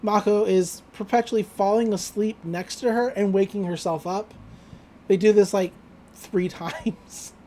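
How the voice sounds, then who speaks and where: A woman's voice: medium pitch, fairly even intonation, measured pace, mellow, a little hiss or hum. A young woman co-hosting a podcast, chatting casually and rambling through an episode recap. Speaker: podcast co-host.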